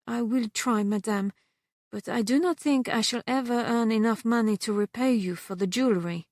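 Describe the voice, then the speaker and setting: A woman plays a timid young French maid in a put-on French accent, soft, timid and polite. Her voice is a little high, pitched above her own yet close to an everyday voice, at normal speed. The recording is dry and studio quality.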